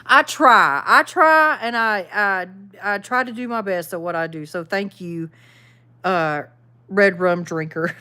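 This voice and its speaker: A woman's voice: lowish voice, unhurried, pushed and bright, smooth. A Southern woman chatting loosely with her viewers on a livestream. She is easygoing and self-deprecating, laughs a lot and drops plenty of y'all. She talks like she is among friends. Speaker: channel host reading live chat. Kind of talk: casual livestream chat.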